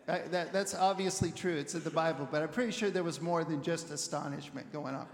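A male pastor preaches in a loose, animated storytelling way, often restarting and repeating words as he thinks aloud. His voice sits fairly high. The recording is roomy, with a long reverb tail from a church hall. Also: fairly quick. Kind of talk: conversational sermon.

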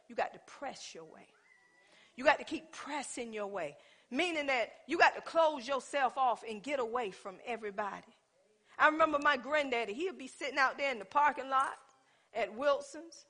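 Woman preaching, high bright voice, calls out to the congregation and goes loud then soft. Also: fairly quick. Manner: shifts between loud exhortation and soft asides. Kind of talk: sermon.

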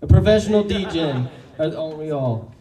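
A man giving a hyped, rallying stage pitch and quizzing the crowd. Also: expressive, brisk, distant mic, low-quality recording. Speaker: pitch presenter. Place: large event room in Austin.

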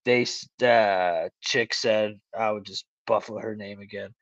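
A man's voice: on the low side, fairly even intonation, unhurried, fairly bright tone, no echo, lo-fi sound. A man co-hosting a casual call-in talk show, reading news stories aloud and breaking in with slangy joking asides. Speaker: co-host.

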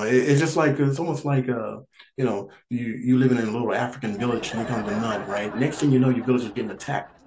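A man doing a stand-up comedy monologue, rambling and repeating himself, stammering through restarts and chuckling as he talks. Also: mid-range voice. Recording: echoey room, faint noise.

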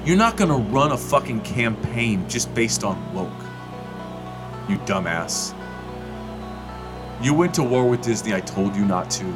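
Profane ranting male podcast host. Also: mid-range voice. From United States. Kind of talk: casual political commentary.

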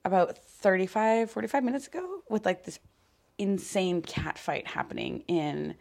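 A young woman rambles through a casual solo podcast just after waking up, sleepy and yawning. She is self-deprecating and full of fillers, and at times she sinks to a whisper. Her voice sits at medium pitch with lots of gravelly vocal fry. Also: very animated, moderate pace, darkish tone. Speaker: podcast host.

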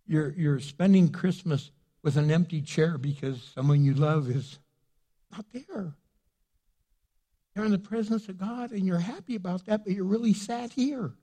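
A pastor preaching a sermon with joking asides and rising fervor. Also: male voice, high-pitched, moderate pace, warm tone, big-room sound.

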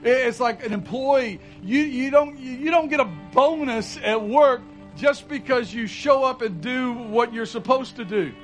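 A man's voice: very high voice, a little slow, hardly any pauses, fairly bright tone, faint music behind, rough recording. A man preaching a sermon as pastor, folksy and conversational, building to urgent repeated emphasis.

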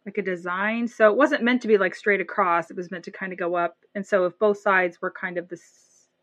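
A woman co-hosts a podcast, retelling scenes in lively, casual talk. She acts out the voices of the people she describes. Her voice sits at a middle pitch. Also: a little fast. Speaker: podcast co-host. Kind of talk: casual chat.

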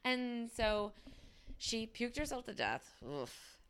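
A woman's voice: a little high, very animated, slow, fairly bright tone, smooth. Chatty American woman telling a story. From United States. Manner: chatty storyteller, laughs often, jokey asides. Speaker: podcast co-host. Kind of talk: casual chat.

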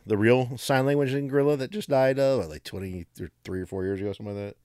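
A man's voice: mid-range voice, fast, mellow, smooth, dry recording, clean studio sound. A man co-hosting a podcast, joking and rambling in casual banter, sometimes breaking into mock singing and impressions. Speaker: podcast co-host.

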